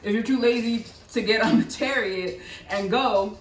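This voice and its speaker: A woman's voice: fairly high pitch, normal speed, slight background noise. A woman giving a pick-a-card tarot reading, chatty and coaxing, often repeating words and checking in with "right?". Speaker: tarot reader. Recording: echoey room, mic at a distance.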